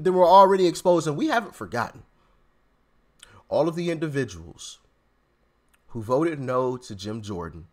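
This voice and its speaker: A man hosting a political commentary channel, ranting sarcastically and stammering as he repeats himself. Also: medium pitch.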